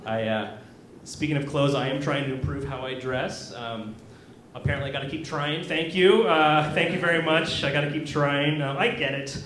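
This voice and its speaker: A man's voice: fairly high pitch, moderate pace, a bit bright, slight background noise. A young man from Kansas doing a stand-up set in a comedy club, awkward and self-deprecating, hesitating with many ums. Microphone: handheld stage mic. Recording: roomy club recording. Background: audience laughter.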